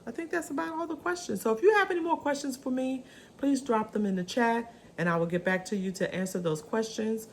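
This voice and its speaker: A woman vlogger chatting casually to camera in a chatty, animated way, with swooping pitch and many ums. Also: brisk, a little hiss or hum.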